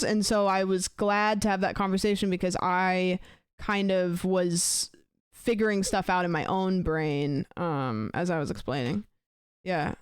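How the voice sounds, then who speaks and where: A woman's voice: mid-range voice, smooth, no room sound, studio quality. A woman streamer chatting casually with her live chat, rambling and thinking aloud with many fillers. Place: home room.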